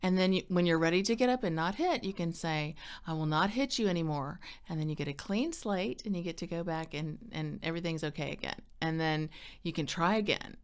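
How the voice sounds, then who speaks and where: Smooth-voiced upbeat woman counselor. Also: lowish voice, a little fast. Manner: chatty, upbeat, acts out quoted dialogue, laughs easily. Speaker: counseling center director. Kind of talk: friendly advice talk to camera.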